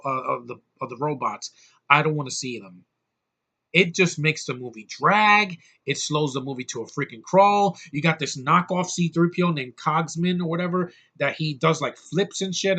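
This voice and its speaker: A man's voice: fairly high pitch, moderate pace, bright, forceful tone. A man giving an exasperated, profane movie review rant, with heavy emphasis. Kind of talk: ranting movie review vlog.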